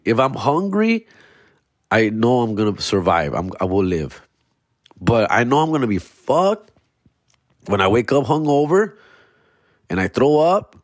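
Slangy comedian telling stories. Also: male voice, medium pitch, no echo, clean studio sound. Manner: slangy, animated, peppered with "fool" and "bro". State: hungover. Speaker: comedian podcast host. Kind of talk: casual storytelling monologue.

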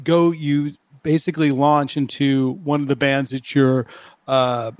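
A man hosting a casual interview, relaxed and joking. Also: medium pitch, a little slow, dry recording. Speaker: podcast host.

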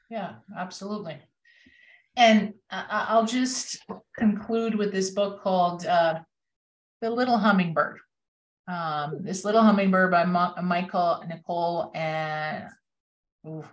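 A woman's voice: on the low side, echoey room. A woman, a learning consultant, speaks as a podcast guest and reads a picture book aloud in an earnest, heartfelt way.

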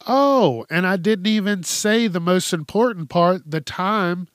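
A man's voice: sits high, unhurried, no echo, clean studio sound. A man hosting a podcast, telling a news story in a casual, profane way and often laughing. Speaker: podcast host.

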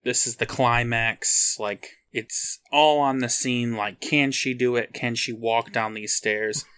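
Bright-voiced wry male co-host. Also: medium pitch, steady tone, slow pace, clean tone. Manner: wry, critical commentary. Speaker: podcast co-host. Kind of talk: casual chat.

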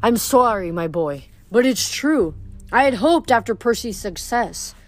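A woman voicing a weary, wise old male centaur teacher, speaking gravely and low. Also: lively intonation, faint music behind. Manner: grave, sorrowful, slow.

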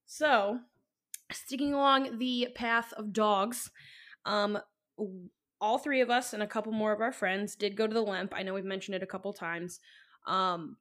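A young woman co-hosts a podcast and tells a personal story casually, rambling with plenty of likes and ums and swearing freely. Her voice is medium-pitched and a bit bright.

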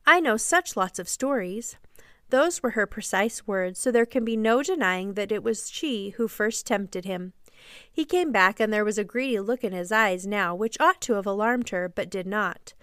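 A woman reading a classic children's novel aloud in expressive, measured storybook narration. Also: medium pitch, clean tone, no room sound, studio quality.

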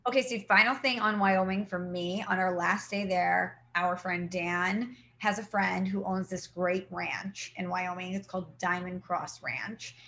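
A young adult woman from Saint Louis, a podcast co-host telling lively stories in casual chat and acting out the quotes. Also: on the low side, a little slow, few pauses. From Saint Louis, Midwest US. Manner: animated storytelling, acts out quotes.

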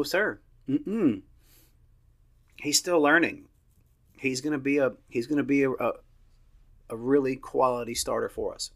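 Casual podcast host, man in his thirties, mid-pitched, blunt and opinionated with casual swearing. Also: fairly bright tone. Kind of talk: casual solo match review.

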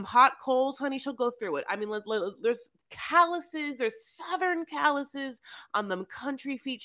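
A woman co-hosting a podcast, chatting casually and riffing playfully about a reality show in a rambling, animated way. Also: a little high. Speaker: podcast co-host.

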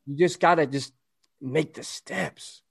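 A man's voice: fairly high pitch, slow pace, creaky, husky. A man co-hosting a podcast, talking in a casual, emphatic, motivational way and checking in with "right?". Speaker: podcast co-host.

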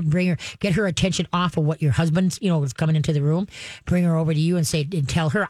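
A woman's voice: sits low, steady tone, quick pace, a little mellow, dry recording, studio quality, soft background music. A woman who hosts a call-in advice show as a dog trainer, talking in a folksy, emphatic way and using playful sayings.

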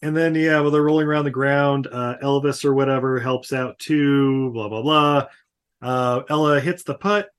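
A man co-hosting a casual podcast, recapping a movie in an animated way, swearing and slipping into silly voices. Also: medium pitch, normal speed, clean tone. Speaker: podcast co-host.

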